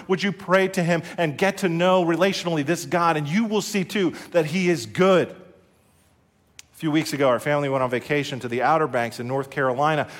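Pastor, middle-aged man from the US, slightly raised pitch, earnest sermon delivery with call-and-response.

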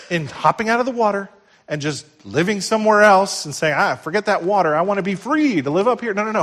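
A middle-aged man preaching a sermon as pastor, swinging from loud emphatic peaks to hushed, tender lows.

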